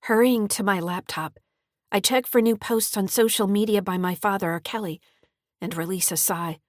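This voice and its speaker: A woman author reading her own mystery thriller as an audiobook, telling it in a steady, clear way. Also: medium pitch, moderate pace, dry recording, studio quality. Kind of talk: scripted audiobook narration.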